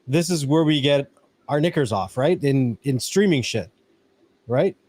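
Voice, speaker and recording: A man's voice: medium pitch, animated, a little slow, a little mellow. A man hosting a casual live-stream podcast, talking through a point and checking in with "right?" as he goes. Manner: conversational, keeps tagging "right?" onto his points. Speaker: podcast host.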